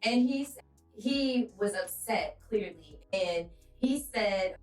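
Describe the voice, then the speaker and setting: A woman's voice: medium pitch, slow pace, echoey room, distant mic, faint music behind, poor audio. Emphatic woman co-hosting a faith podcast. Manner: emphatic, preacherly, animated storytelling. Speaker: podcast co-host. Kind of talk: faith-based casual podcast talk.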